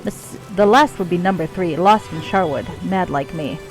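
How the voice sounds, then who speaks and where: A crazed male cultist from a fantasy game rattles off his answers in sing-song couplets, his grammar broken like a simple goblin's, as a woman puts on his voice. The delivery sits low and drawn out, and faint music plays underneath. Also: normal speed, close to an everyday voice, poor audio. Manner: speaks in singsong rhymes with broken grammar.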